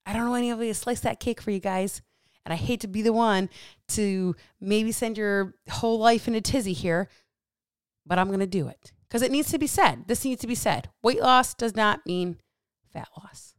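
A woman's voice: mid-range voice, moderate pace, smooth, no echo, clean studio sound. A woman hosting a solo podcast as a coach, talking bluntly with plenty of swearing and getting heated up. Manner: blunt, profane, fired-up; animated with hands.

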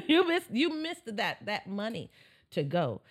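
A woman's voice: medium pitch, slow. A woman co-hosting a podcast, chatting casually and telling stories playfully with lots of laughter. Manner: animated, laughing often, playful storytelling. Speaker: podcast co-host. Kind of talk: casual chat.

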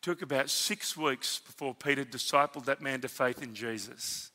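A man with an Australian accent preaching a sermon as senior pastor, telling stories in an animated, emphatic and conversational way. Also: mid-range voice, moderate pace, big-room sound. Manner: animated storytelling, emphatic, conversational asides to the congregation.

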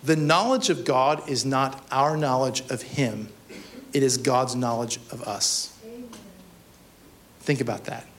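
A man, a pastor, preaching a sermon at a church service in a conversational, animated way, often asking the congregation questions. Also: medium pitch, unhurried, long pauses, slight background noise.

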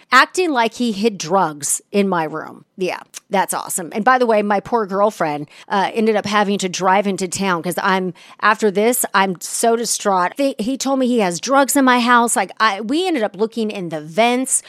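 A woman's voice: medium pitch, moderate pace, hardly any pauses, fairly bright tone, no echo. Blunt, profane woman podcaster, dry sound. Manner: blunt and profane, swears often. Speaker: radio personality and podcast host. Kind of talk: casual storytelling.

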